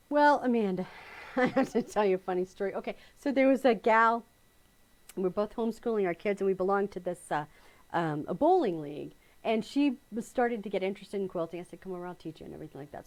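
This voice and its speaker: A woman's voice: medium pitch, darkish tone. A middle-aged woman teaching quilting, chatting casually on a live stream, telling stories with frequent laughter and reading out viewer comments. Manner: chatty storyteller, laughs often, reads out comments.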